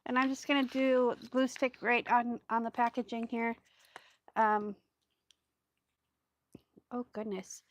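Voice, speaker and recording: Female craft host, slightly high voice, loose chatty live-stream delivery. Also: fairly even intonation, takes it slowly, pauses often, slight background noise. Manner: chatty and rambling, greets viewers while working. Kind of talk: casual live crafting chat.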